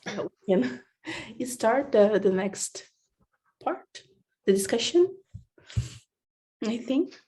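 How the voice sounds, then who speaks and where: A woman's voice: on the high side, animated, extremely slow, pauses often, mellow. A woman chairing a workshop session online, polite as she thanks the speaker and moves to the next part.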